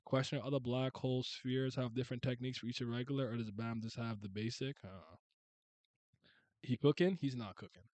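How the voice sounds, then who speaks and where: Excitable man reacting, dry close sound. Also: mid-range voice, a little fast, no room sound. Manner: excitable, laughing and swearing as he reacts. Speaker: reaction video host. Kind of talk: casual reaction commentary.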